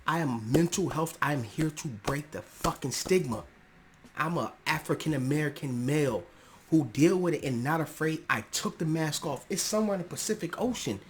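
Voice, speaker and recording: A young man hosting his own podcast, speaking in a personal, earnest monologue that swells into emphatic outbursts, casual and slangy, often clearing his throat. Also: on the high side, expressive, moderate pace, slight background noise. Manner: casual slangy speech with restarts. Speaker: podcast host. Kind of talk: personal monologue on mental health.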